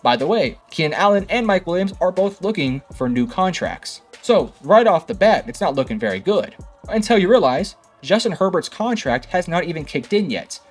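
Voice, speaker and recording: A young man delivers an opinionated sports analysis monologue with sarcastic bite, throwing rhetorical questions at rival fans. His voice sits a bit high for a man. Faint music plays underneath. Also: big pitch swings, normal speed, breathy edge. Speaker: sports commentary host.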